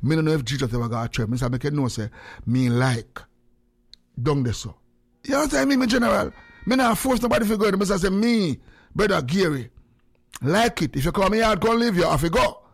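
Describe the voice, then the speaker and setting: A Jamaican man chatting casually in patois to viewers on a phone live stream, swinging between a high voice and a low one. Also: expressive, fairly quick.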